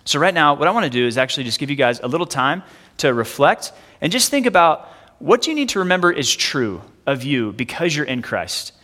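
A man in his thirties preaching a sermon as a pastor, casual and conversational, with frequent fillers and quick asides. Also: fairly high pitch, very animated, sharp tone. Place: church sanctuary. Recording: long hall reverb.

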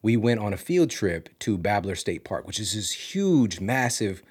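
A man from Missouri hosting a podcast, telling a story casually with big swings from loud to hushed. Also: fairly low pitch, sing-song, measured pace, breathy edge. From Missouri, USA. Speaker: podcast host.

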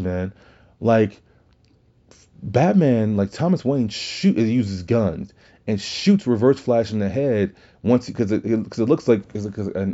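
A man's voice: fairly low pitch, mellow, muffled recording. A man hosting a podcast, rambling and swearing in casual talk with many restarts. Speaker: podcast host.

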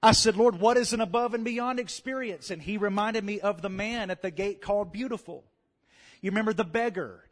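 High-voiced Southern preacher, swelling loud. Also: male voice, fairly quick. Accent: Louisiana Southern US. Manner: animated, swells to loud calls of "come on" and "amen". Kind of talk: sermon.

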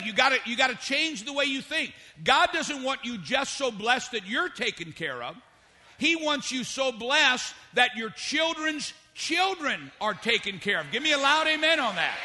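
A middle-aged male pastor preaching a sermon and calling on the congregation to shout amen. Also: extremely high pitch. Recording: long hall reverb.

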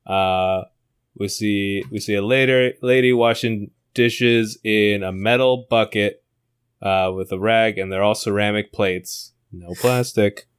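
A young man tells a silly story at a rambling, laughing clip on a comedy podcast. His voice sits low and sounds smooth and resonant. The recording is dry and close. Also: fairly even intonation, takes it slowly, no echo. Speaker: improv comedy podcast co-host. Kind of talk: casual improv pitch and storytelling.

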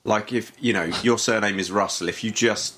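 A man with a fairly low voice keeps the banter going with quick jokes. He teases his co-host playfully and plays up mock surprise. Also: fairly even intonation, a bit bright. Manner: quick wisecracks, playful teasing. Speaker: podcast co-host. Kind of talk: joking banter.

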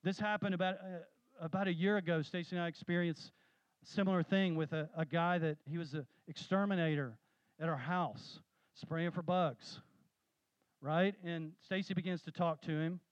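Guy preaching, high voice, gets really fired up telling stories, dry muffled sound. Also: moderate pace, smooth, dry recording. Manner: animated, rising to excited emphasis. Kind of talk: sermon with storytelling.

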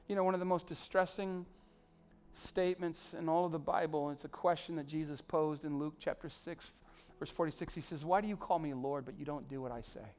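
A male pastor preaching a sermon, pleading with the congregation, surging to emphatic peaks and then dropping soft. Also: fairly high pitch, steady tone, fairly quick.

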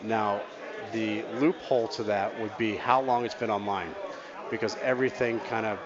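Male guest, explanatory and halting, low voice, busy crowd behind. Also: steady tone. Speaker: guest, beverage systems expert. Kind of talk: explaining on a radio show. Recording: muffled radio audio with a crowd behind.

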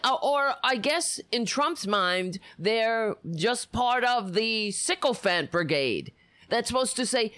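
A woman's voice: on the high side, expressive, a little slow, fairly bright tone, no echo. A woman hosting political commentary, indignant and sarcastic, stumbling over restarts as she rants.

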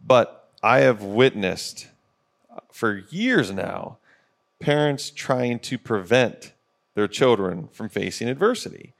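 A man's voice: medium pitch, lively intonation, slow, creaky. Earnest coach-like man in his forties. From Ohio, USA. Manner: earnest, coach-like, with frequent uh fillers. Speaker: podcast co-host. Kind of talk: casual motivational podcast talk. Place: studio.

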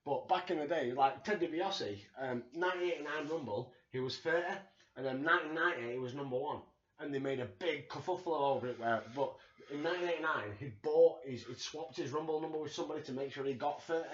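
Excitable Yorkshire podcast host. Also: male voice, a little high, fast talker. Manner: animated, excitable, swears freely. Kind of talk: casual chat. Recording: echoey room, dull lo-fi sound.

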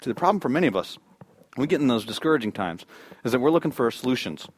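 A man preaching a sermon, telling a story and building to loud high peaks before dropping to a near hush. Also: sing-song, fast, husky. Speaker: pastor.

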